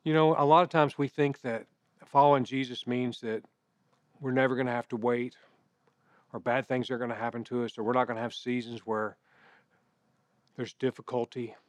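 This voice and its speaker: A middle-aged pastor preaching a sermon in a conversational way, mixing scripture with personal stories. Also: male voice, medium pitch, steady tone, moderate pace, pauses often, dry recording.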